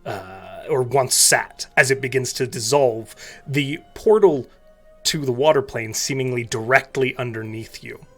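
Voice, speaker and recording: A man's voice: medium pitch, unhurried, soft background music. A man running a tabletop game as game master, narrating scenes loosely with fillers like "um" and "like.".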